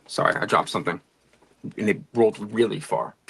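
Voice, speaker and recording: A man's voice: fairly low pitch, animated, brisk, creaky, a bit bright, slightly rough. A man guest on a group call, talking in a casual, rambling way.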